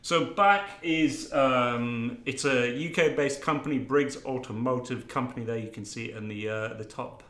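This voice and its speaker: A man's voice: medium pitch, moderate pace, hardly any pauses, fairly bright tone. Chatty man in a roomy studio. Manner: chatty, laughs often. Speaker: live stream host. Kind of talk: casual chat.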